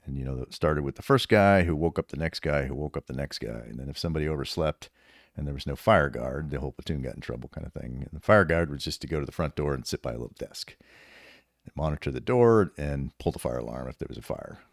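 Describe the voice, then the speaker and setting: A man in his fifties, a retired sergeant major and podcast guest, telling stories casually with an animated, profane manner and lots of laughter. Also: a bass voice, fast, no room sound, clean studio sound. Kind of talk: casual storytelling.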